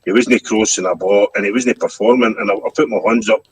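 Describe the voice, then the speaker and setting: A man's voice: fairly low pitch, steady tone, fast, crowd noise, low-quality recording. A Scottish man speaking frankly and self-deprecatingly as a guest in a casual podcast chat. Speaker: guest fan.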